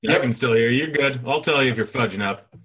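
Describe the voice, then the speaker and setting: A man's voice: mid-range voice, fast, fairly bright tone, breathy edge. A man co-hosting a casual sports podcast, easygoing and joking. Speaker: podcast co-host.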